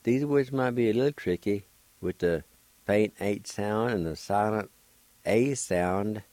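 A man teaches pronunciation in a slow, patient radio lesson, spelling out words and repeating every syllable with care. His voice sits a little low and sounds dry and close to the mic. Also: darkish tone, dry recording.

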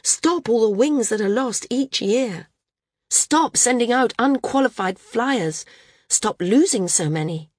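A woman reads a seasoned female flyer arguing hard, her voice rising with urgency. The tone is slightly husky and the sound dry and close. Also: a little high, lively intonation, slow pace, darkish tone, dry recording, heavily acted. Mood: impassioned. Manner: impassioned, pleading.

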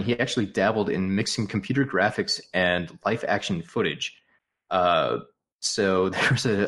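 A man's voice: sits low, fairly bright tone. A man co-hosting a casual movie commentary podcast, reading out trivia notes and laughing often. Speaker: podcast co-host.

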